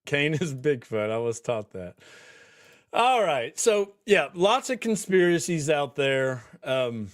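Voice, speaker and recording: A man's voice: fairly high pitch, sing-song, takes it slowly. A man hosting a podcast livestream, chatting casually with viewers in a rambling way, laughing often and restarting his sentences. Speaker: podcast host. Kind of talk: casual livestream chat reading viewer comments.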